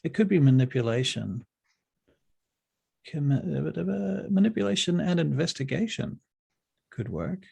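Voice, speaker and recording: A man running a tabletop role-playing game as game master, narrating in a relaxed way with many ums. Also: on the high side, a little slow, vocal fry, long pauses, breathy edge. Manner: relaxed, full of ums and uhs.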